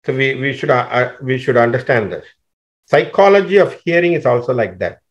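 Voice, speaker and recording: A man teaching scripture through a story, animated and often restarting his sentences. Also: mid-range voice, brisk, highs cut off. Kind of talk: storytelling explanation.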